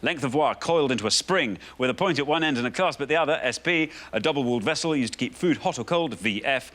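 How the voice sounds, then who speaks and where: A man's voice: medium pitch, expressive, fast talker, fairly bright tone. A man hosting a television quiz show, reading clues aloud in a playful manner in a studio.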